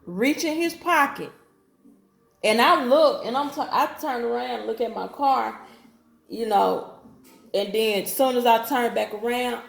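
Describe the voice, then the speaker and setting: A woman tells a personal story in a loose, rambling way, often restarting her sentences. Her voice has a gravelly, fry-laden edge. The sound has a noticeable echo from the room around her. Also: on the high side. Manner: rambling, restarts and acts out dialogue. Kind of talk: casual storytime.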